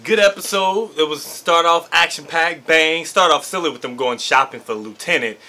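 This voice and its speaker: A man doing an excited, casual reaction commentary to an anime episode, hyped and slangy, laughing often. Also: a little high, moderate pace, faint music behind.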